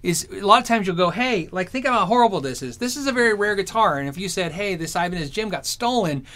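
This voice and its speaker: High bright-voiced man telling rambling stories. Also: fast. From Arizona. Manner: rambling, animated anecdotes. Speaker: streamer. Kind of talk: casual storytelling chat.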